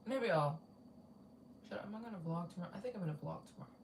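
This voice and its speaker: A woman's voice: lowish voice, animated, quick pace, creaky, recorded from a distance, noisy background. Rambling woman live-streaming from a roomy space. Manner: rambling, repeats herself, reads out donations. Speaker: travel vlogger hosting a fundraiser live stream. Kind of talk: casual live-stream chat.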